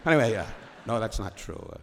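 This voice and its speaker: On stage in front of a live crowd, an older man from New York, appearing as a comedian guest, rambles through wisecracking stories and cuts himself off often. He talks fast in a lowish, expressive voice.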